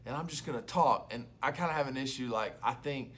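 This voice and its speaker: A young adult man, a youth pastor, giving an energetic, loud and chatty devotional talk to camera. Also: medium pitch, a little fast, husky.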